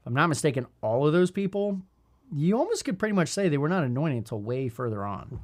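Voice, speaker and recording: A man's voice: a little high, very animated, quick pace. Rambling, thoughtful male podcast host. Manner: thoughtful and rambling, many restarts and "I mean". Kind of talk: casual leadership podcast chat.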